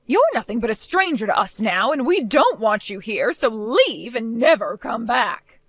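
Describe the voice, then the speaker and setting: A woman voicing a bossy, controlling middle-aged mother-in-law in an animated story, talking in a demanding, scolding way. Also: a little high, normal speed, no echo, studio quality.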